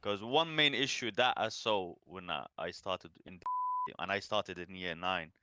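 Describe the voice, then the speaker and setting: A young man, giving his views calmly in a casual podcast chat. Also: low-pitched, unhurried, dry recording. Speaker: podcast co-host.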